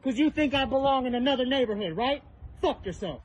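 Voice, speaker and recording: A man's voice: very high voice, expressive, brisk, poor audio. A man angrily confronting a neighbor on a residential street, swearing and demanding his name while filming on a phone. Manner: angry, profane, confrontational. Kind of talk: heated street argument. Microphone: phone held while filming.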